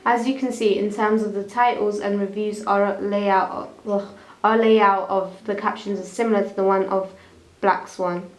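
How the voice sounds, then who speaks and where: A woman's voice: medium pitch, fairly even intonation, unhurried, reverberant, rough recording. Young woman stumbling through a school presentation. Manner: stumbling, restarting lines. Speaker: student presenter. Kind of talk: reading a school media evaluation.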